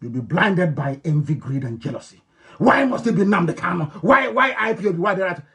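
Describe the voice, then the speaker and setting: Nigerian guy w igbo accent, high voice, preaching-style broadcast, goes loud then low and intense. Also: very animated, brisk. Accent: Nigerian, Igbo-influenced English. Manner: emphatic and repetitive, swinging between loud declarations and low intense tones. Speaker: political leader broadcasting to followers. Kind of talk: impassioned radio address.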